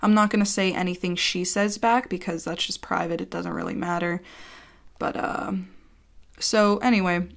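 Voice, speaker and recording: A woman's voice: lowish voice, fairly even intonation, moderate pace, gravelly. A woman telling a personal story to camera in a casual vlog, chatty and blunt, swearing freely and filling with "like".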